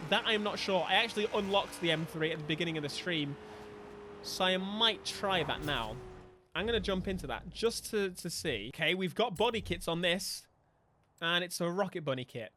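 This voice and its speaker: A young man, giving animated, jokey live gameplay commentary as a streamer, with sudden bursts of mock outrage. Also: high-pitched, background noise. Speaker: gaming streamer.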